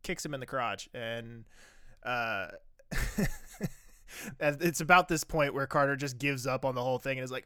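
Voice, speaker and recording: Guy on a podcast recapping a tv show, bright crisp voice, dry close sound, gets loud then mutters. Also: mid-range voice, measured pace, long pauses, no room sound. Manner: animated, wry, swings from loud outbursts to muttered asides. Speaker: podcast co-host. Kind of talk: casual chat recapping a TV episode.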